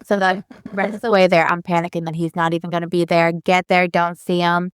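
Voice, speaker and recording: A woman in her thirties tells a personal story on a podcast with a smooth, somewhat low voice. She chats loosely, packs in fillers and acts out what each person said. The sound is dry and close. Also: flat delivery, a little fast, no echo. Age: 30s. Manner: chatty, lots of fillers, quotes people in her story. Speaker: podcast co-host. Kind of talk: casual storytelling.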